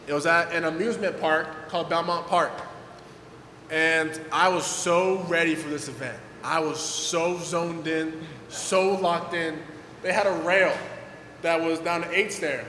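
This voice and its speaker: A young man, telling stories at a skate event Q&A in a casual, animated way, full of fillers and acted-out quotes. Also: on the high side, measured pace, slight background noise. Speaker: guest pro skateboarder. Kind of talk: casual storytelling at a Q&A. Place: event hall with audience. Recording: echoey hall, faint ambience.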